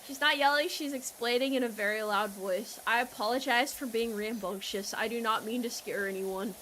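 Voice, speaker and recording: A young woman with an American accent streaming a game, talking to her chat in a loud, playful, teasing way. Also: fairly high pitch, normal speed, slight background noise. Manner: playful, loud and teasing with chat, trailing into quiet mock apologies.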